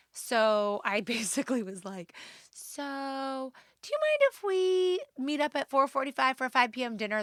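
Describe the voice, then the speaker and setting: A woman podcast co-host telling a story in casual chat, animated and acting out the quotes. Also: medium pitch, no room sound, clean studio sound. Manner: animated, acts out quotes, exasperated asides.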